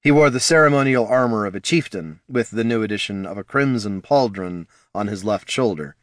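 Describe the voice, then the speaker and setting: A man narrating a fantasy story with expressive storytelling. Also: fairly low pitch, a little fast, no echo, studio quality. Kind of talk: scripted narration.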